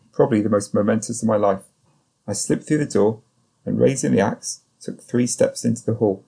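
A man narrating an audiobook in the first person, in a steady, measured way. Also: on the low side, gravelly, slightly rough.

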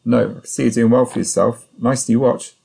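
A man reading the part of a reflective male tutor in his sixties, speaking slowly and kindly in an audiobook. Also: mid-range voice, fairly even intonation, creaky, warm tone, husky. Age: 60s. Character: gentle, reflective older male tutor, drinker.

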